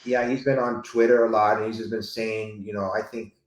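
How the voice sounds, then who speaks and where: A man's voice: lowish voice, flat delivery, brisk, roomy sound, poor audio. A man talking as a guest in a casual chat, hesitant and full of fillers. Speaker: podcast guest.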